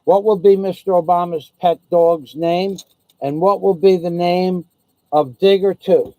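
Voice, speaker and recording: A man's voice: high-pitched, fairly even intonation, measured pace, no room sound, narrow, tinny audio. Crude ranting male vlogger. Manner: crude, loud, rambling. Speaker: YouTube vlogger. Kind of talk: profane comedic rant.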